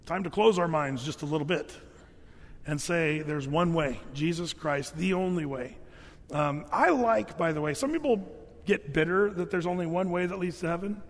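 Guy pastor preaching, pretty high voice, chatty with lots of ums, big echoey hall sound. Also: moderate pace. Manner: conversational, with many fillers and restarts. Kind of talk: sermon.

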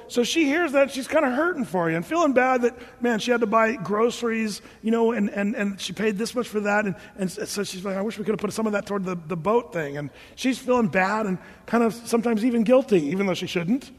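A man's voice: high-pitched, animated, fairly quick, hardly any pauses, big-room sound. A man preaching a sermon, telling the story with humor and acting out the characters. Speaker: pastor.

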